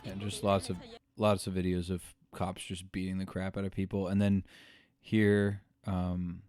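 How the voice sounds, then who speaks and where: Low-voiced man reacting, choked up. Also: completely flat delivery, darkish tone, smooth, faint music behind. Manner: rambling, halting, with many fillers and restarts; emotional, choking up. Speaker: podcast host. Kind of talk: casual commentary reacting to video.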